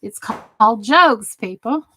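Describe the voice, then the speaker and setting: Her voice sits high with lively intonation, pushed and bright, and she takes her time. A Southern-accented crafting channel host, she chats casually with her audience, teasing them sarcastically one moment and earnestly cheering them on the next.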